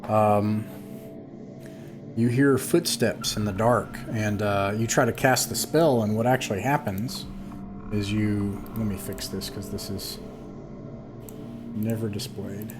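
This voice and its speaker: A man narrating as game master of an online tabletop game, halting and full of fillers and restarts. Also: on the low side, over music.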